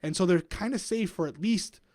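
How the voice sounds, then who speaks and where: Pria pembawa acara, suara kering dekat. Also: male voice, sits high, brisk, a little mellow, no echo. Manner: thinks aloud, hedging and asking the audience. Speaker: podcast co-host. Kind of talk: casual chat.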